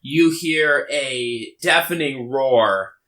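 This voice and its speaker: Male game master narrating a fantasy scene; slow, halting, bright voice. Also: medium pitch. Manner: halting, full of fillers.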